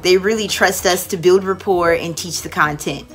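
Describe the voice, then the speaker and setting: A young woman mentoring online English teachers in a casual, lively way, acting out a cheerful classroom voice at times. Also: on the low side, moderate pace, soft background music. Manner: lively, demonstrates with exaggerated teacher voice. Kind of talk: casual instructional talk.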